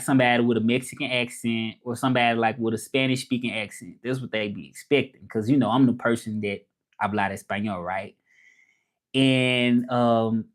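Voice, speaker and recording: A man with a Southern US accent hosts a casual livestream. His talk is loose and rambling. He answers viewers' comments as they come in. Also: mid-range voice. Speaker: livestream host and interpreter.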